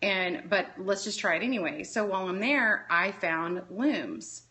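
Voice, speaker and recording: Texas lady rambling thru a story on a phone livestream, bright and punchy. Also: mid-range voice, unhurried. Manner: rambling, tangent-prone storytelling. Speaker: interview guest. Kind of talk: casual chat.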